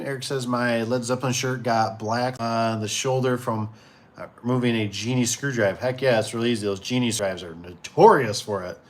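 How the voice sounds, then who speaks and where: A mid-range-voiced man in his forties hosts a casual livestream for his door and gate business. He reads viewer comments aloud and rambles easily, with lots of fillers and restarts.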